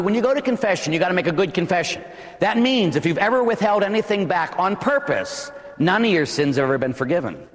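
Fast-talking priest in a big hall. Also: male voice, on the high side. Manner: blunt, joking, rapid-fire. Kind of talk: sermon.

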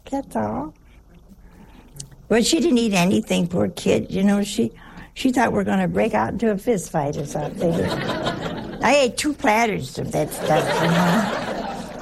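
A woman with a gravelly, creaky voice preaches a homespun sermon as a religious sister. She scolds with rhetorical questions and slips into warm, humorous family stories. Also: fairly high pitch, a little hiss or hum. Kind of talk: folksy sermon with personal stories.

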